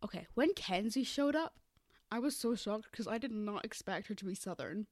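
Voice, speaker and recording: A young woman co-hosting a casual podcast chat, giggly and animated, often acting out characters' lines. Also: mid-range voice, normal speed, dry recording, clean studio sound. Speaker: podcast co-host.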